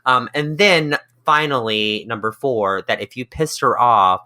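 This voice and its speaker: Lively, playful man podcast co-host. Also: mid-range voice, a little slow. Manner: playful, jokey, lively delivery. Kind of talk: casual history podcast chat.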